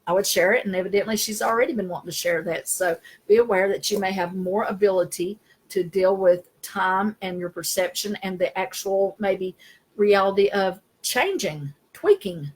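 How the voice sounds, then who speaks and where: A woman spiritual consultant chatting casually over a video call, self-deprecating and quick to laugh, often trailing off. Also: medium pitch, husky, rough recording. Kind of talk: casual chat.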